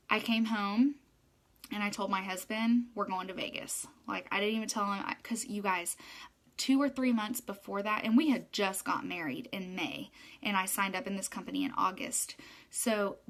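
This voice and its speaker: A young woman who works as a hairstylist chats to her viewers in a loose, rambling way. She fills her talk with "um" and "like", and her voice sits at an ordinary middle pitch. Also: fairly bright tone. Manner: chatty, rambling storytelling with many fillers.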